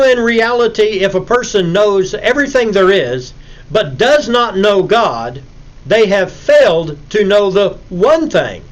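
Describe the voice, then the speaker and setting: Animated preacherly man lecturing. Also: high voice, low-quality recording. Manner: preacherly, acts out anecdotes with sudden loud emphasis. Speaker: Bible lecturer. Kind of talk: recorded Bible lecture.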